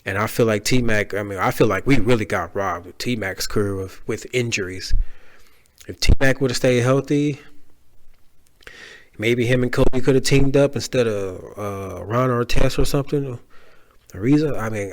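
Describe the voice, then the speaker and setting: A man's voice: mid-range voice, moderate pace. A man hosting a solo podcast, talking casually with slang and restarts, heartfelt and rambling. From Dallas area. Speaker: podcast host.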